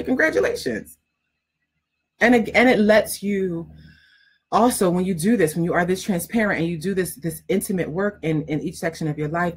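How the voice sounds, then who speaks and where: Woman writing coach, husky tone, mid pitch, blunt and emphatic teaching style. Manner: emphatic, repetitive, frank, laughs often. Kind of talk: casual direct teaching talk.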